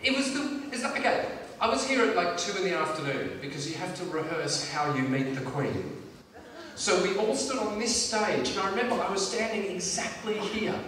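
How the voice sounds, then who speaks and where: An Australian man telling an animated stand-up story on a theatre stage. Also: sits high. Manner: animated, switches into quick voices for others. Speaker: stand-up comedian. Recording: echoey theatre from far off with audience noise.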